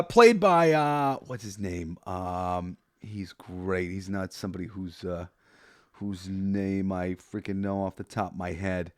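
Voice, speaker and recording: A man's voice: deep voice, no echo, clean studio sound. A young man hosting a casual solo podcast about a film, rambling and enthusiastic, with many restarts and frequent laughs. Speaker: podcast host.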